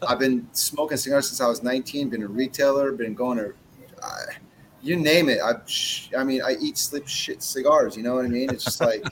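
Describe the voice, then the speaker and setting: A man's voice: mid-range voice, normal speed, a little hiss or hum, poor audio. A man in his forties who owns a cigar brand, telling blunt, profane stories in a casual interview chat. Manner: blunt, profane, brash storytelling.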